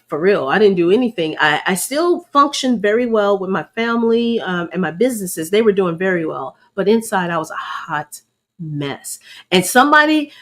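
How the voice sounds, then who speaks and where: A woman's voice: mid-range voice, fairly bright tone. A middle-aged woman, sharing a faith-based personal testimony in an earnest, preacherly way and calling her listeners y'all. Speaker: host.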